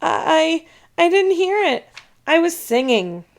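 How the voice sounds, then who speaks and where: A woman's voice: extremely high pitch, very animated, slow pace, pitched above the performer's own voice, heavily acted. A woman voicing a chatty, sheepish young schoolboy who stammers and talks defensively in a storybook read-aloud.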